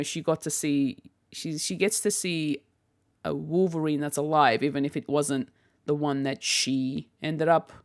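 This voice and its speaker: Casting note: woman host, low pitch, unhurried solo chat, clear voice. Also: no room sound, studio quality. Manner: rambling, restarts often, laughs. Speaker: podcast host.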